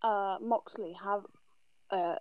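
A woman's voice: mid-range voice, steady tone, slow, a crowd in the background. Chatty woman on a dull call line. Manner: hesitant, chatty opinions. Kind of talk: casual chat.

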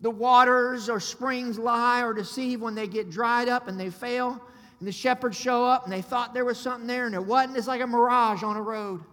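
High, bright-voiced preacher in a hall. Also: male voice, moderate pace. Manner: excitable, storytelling, loud shouted peaks. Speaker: pastor. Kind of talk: sermon. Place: church sanctuary. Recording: long hall reverb.

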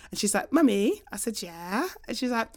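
A young woman from hosting a podcast and chatting casually, telling lively stories and acting out voices with laughter. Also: a little high, normal speed. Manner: animated storytelling, acts out voices with laughter. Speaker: podcast host. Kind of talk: casual chat.

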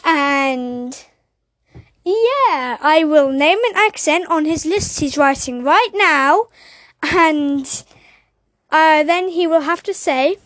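A woman's voice: high voice, lively intonation, slow, a bit bright, dry recording. A woman hosting a casual chat, offhand and giggly, often trailing off. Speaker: host.

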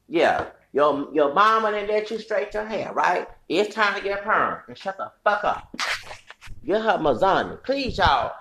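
A man's voice: high-pitched, big pitch swings, measured pace, bright, forceful tone. A man hosting a solo podcast, delivering a heated, profane, rambling rant with bursts of laughter. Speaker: podcast host.

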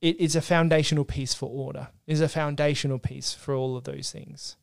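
A man co-hosting a podcast, talking through theology in an earnest, explanatory way. His voice sits a little high and comes across smooth and clear, with frequent restarts as he works out his points. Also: steady tone, brisk. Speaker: podcast co-host. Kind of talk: casual theological discussion.

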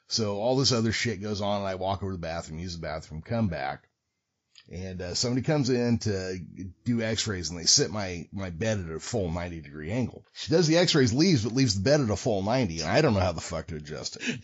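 Middle-aged guy, lowish voice, profane storyteller, muffled lo-fi audio. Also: a little fast. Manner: profane, animated, acts out voices. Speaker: podcast guest storyteller. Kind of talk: casual storytelling. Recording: dull lo-fi recording.

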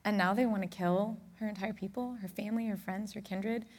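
A woman's voice: medium pitch, steady tone, brisk, darkish tone, husky. A woman co-hosting a Bible discussion, reflecting earnestly and with feeling.

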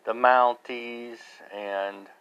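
A man's voice: medium pitch, fairly even intonation, very slow, clean tone, highs cut off. An American man hosting his own podcast, talking in a rambling, casual monologue full of fillers and restarts. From United States. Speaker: podcast host.

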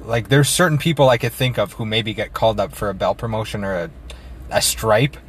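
A man's voice: lowish voice, a little fast, a little hiss or hum. A young man co-hosting a podcast, talking things through in a thoughtful, hedging, casual way. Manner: thoughtful, hedging, says man and you know a lot. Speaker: podcast co-host. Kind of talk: casual chat.

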